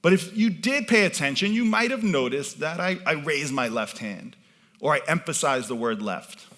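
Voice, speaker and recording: A man's voice: on the high side, lively intonation, moderate pace, bright, forceful tone. A man performing as a mentalist, leading a live audience through a participation game from an event stage with commanding, playful patter.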